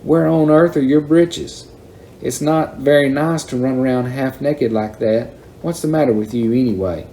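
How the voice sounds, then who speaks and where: A man reading aloud and voicing a prim, bossy little girl who scolds and tattles in a shrill voice. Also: moderate pace, warm tone, slight background noise, natural voice. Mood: scolding.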